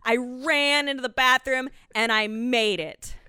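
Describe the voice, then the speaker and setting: A young adult woman telling a story in casual chat, animated and swearing freely as she acts out her own panicked lines. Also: high-pitched, measured pace, smooth, no room sound, clean studio sound.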